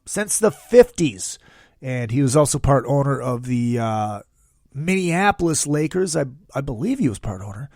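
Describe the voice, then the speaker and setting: A man hosting a casual podcast, talking in a profane, excitable, jokey way. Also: fairly high pitch, vocal fry, dry recording, clean studio sound. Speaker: podcast host.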